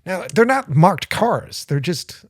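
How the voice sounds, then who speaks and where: A man's voice: high-pitched, takes it slowly, no echo, studio quality. A man co-hosting a podcast, telling a rambling, profane story and acting out the voices in it. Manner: profane, rambling, lively retelling with quoted voices. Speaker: podcast co-host. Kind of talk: casual storytelling.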